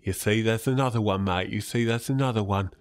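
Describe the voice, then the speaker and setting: A man's voice: on the low side, fairly quick, clean tone, natural voice. A man playing a pompous, patronizing politician who sneers sarcastically and ends lines with "mate". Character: smug pompous male left-wing politician, patronizing. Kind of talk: comedy sketch.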